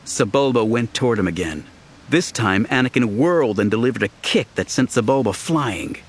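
Audiobook narrator, male, animated delivery, medium pitch. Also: normal speed, breathy edge. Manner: steady storytelling with lively shifts for voices.

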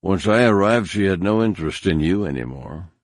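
A cold, contemptuous schemer speaks calmly and slowly, taunting in a very deep voice, as a male narrator plays him. His words stay measured. The recording is dry and close. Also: no room sound.

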